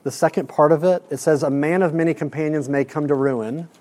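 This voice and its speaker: A man preaching a sermon, earnest, repeating words as he builds a point and dropping soft and slow on key lines. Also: on the high side, steady tone. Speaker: pastor.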